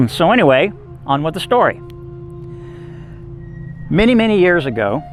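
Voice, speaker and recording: A man telling a folk tale aloud in a casual, folksy manner, with small restarts along the way. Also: a little high. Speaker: storyteller.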